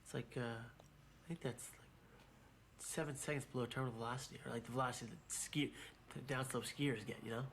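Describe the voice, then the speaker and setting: A man telling a personal story in a documentary interview, halting and repeating his words as he goes. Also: medium pitch, steady tone, fairly bright tone, a little hiss or hum. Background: music.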